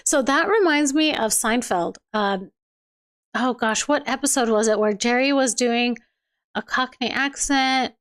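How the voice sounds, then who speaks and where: A woman's voice: on the high side, a little slow, a bit bright. A young woman hosting a livestream, reading out viewer comments in a chatty way and laughing often. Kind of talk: casual chat.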